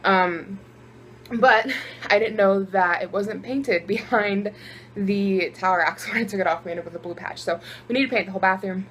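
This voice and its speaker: A woman's voice: medium pitch, moderate pace. Twenties woman, casual vlogger, talks to her phone camera, bubbly and giggly, faint hiss behind. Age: 20s. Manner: chatty and easily excited, laughs often. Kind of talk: casual vlog chat to camera.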